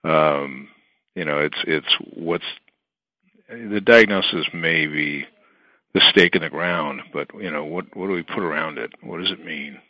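A man's voice: rumbling low, unhurried, no room sound, lo-fi sound. A man, a guest on a radio talk show, speaking casually and rambling with many fillers and restarts. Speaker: guest, entertainment manager.

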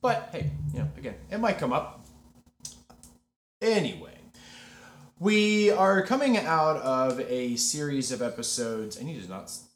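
A man hosting a podcast in casual chat, talkative and quick to laugh. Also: on the high side, echoey room. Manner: chatty, laughs easily, lively delivery. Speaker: podcast host.

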